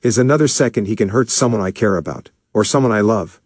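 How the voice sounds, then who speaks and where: A man voicing a furious, grieving young male speedster who shouts and seethes. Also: on the low side, expressive, fast talker, breathy edge, no room sound, clean studio sound.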